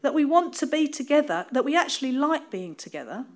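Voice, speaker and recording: A woman with a Cockney accent gives a relaxed, conversational sermon. Her voice sits high and swings widely in pitch, and she laughs often and pokes fun at herself between points. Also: a little fast. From East End of London. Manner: lively, laughing, self-deprecating storytelling. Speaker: preacher. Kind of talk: informal sermon.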